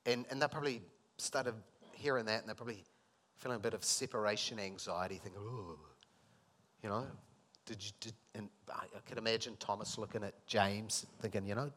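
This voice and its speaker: A man preaching a sermon, acting out scripture dialogue and swinging between loud emphatic lines and soft intimate ones. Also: on the low side, a little fast.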